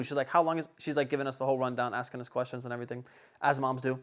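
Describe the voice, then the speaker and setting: A young man hosting a casual podcast, telling a story in an animated, rambling way full of swearing and fillers. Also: mid-range voice, racing. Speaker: podcast host.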